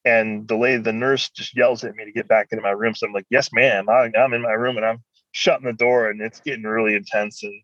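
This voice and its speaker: Male guest, animated rambling storyteller, dry and muffled sound. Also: lowish voice, quick pace, dry recording. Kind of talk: personal storytelling in conversation.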